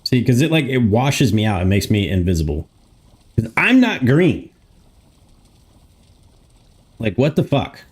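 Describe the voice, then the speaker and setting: A man's voice: medium pitch, big pitch swings, moderate pace, breathy edge. A young man live streaming from a room in his home, chatting casually, grumbling to himself and swearing often.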